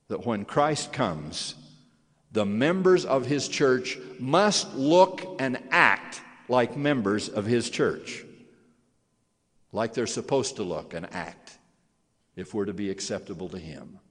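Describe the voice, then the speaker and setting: A man's voice: medium pitch, expressive, slow pace, a bit bright. A man giving a sermon to young church members, earnest and solemn, swelling in force on key phrases. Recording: long hall reverb.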